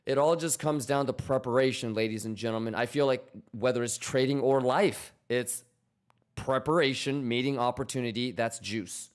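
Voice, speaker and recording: A man's voice: medium pitch, normal speed. Hyped, profane male trading streamer. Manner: hyped, profane, teasing, repeats questions to chat. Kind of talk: casual live-stream chat to viewers.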